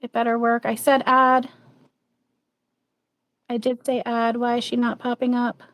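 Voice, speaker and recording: A woman's voice: a little high, monotone, unhurried, a bit bright. A woman hosting a live stream, talking bluntly and rambling with lots of fillers, swearing freely. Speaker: channeler and livestream host. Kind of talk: casual livestream chat.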